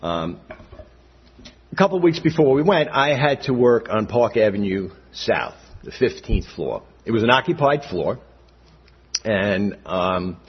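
A fairly low, husky voice with big pitch swings belongs to an older man giving a testimony at a church gathering. He speaks a little slowly and conversationally, repeatedly checking in with "all right?", on a dull lo-fi recording.

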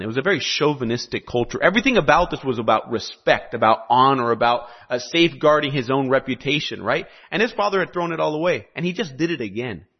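This gravelly, medium-pitched male voice carries a breathy edge. A South American man preaches a sermon, animatedly telling a story and putting questions to his listeners, and the recording is slightly muffled.

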